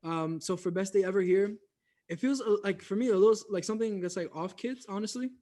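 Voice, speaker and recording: High-voiced man in casual podcast chat. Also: fast, mellow. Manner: loose, laughing, heavy on fillers. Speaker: podcast co-host. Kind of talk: casual music review chat.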